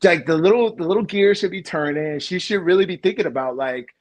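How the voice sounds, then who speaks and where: A man's voice: high-pitched, expressive, normal speed, few pauses. A man co-hosting a casual podcast chat, laughing often and acting out the quoted voices in his stories. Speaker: podcast co-host. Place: home couch.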